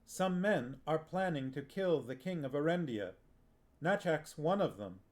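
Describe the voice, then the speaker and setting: A man's voice: on the high side, animated, measured pace, pitched above the performer's own voice. A man reading aloud, voicing an urgent, insistent teenage boy hero.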